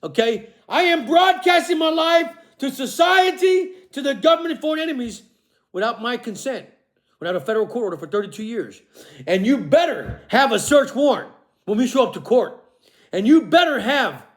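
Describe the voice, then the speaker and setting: A vlogger delivers an angry, profane, accusatory monologue, swinging between shouting and low muttering. He tags his lines with "okay?" and "all right?".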